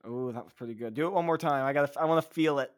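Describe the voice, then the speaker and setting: A man co-hosting a laid-back podcast, chatting with eager excitement. He rambles freely, leaning on fillers like "um" and "like" and restarting his sentences as he goes. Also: mid-range voice, racing, clear, resonant tone. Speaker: podcast co-host. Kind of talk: casual chat.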